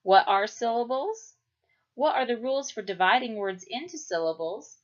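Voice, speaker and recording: A woman teaching a children's phonics lesson, speaking clearly and drawing out each syllable. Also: a little high, expressive. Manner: slow, clear, stretching out syllables. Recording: dull lo-fi recording.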